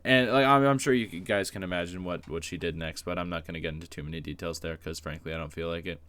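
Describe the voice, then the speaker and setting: A man's voice: sits low, fast talker, fairly bright tone, smooth, dry recording. A man telling a personal story in a casual vlog, rambling with lots of fillers and swearing, self-deprecating. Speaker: YouTuber.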